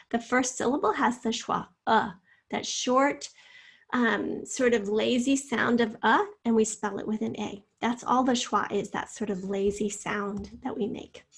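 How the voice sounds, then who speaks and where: Husky-voiced teacher dictating spelling words. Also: female voice, fairly high pitch. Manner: slow, careful word-by-word dictation with example sentences. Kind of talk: recorded spelling lesson.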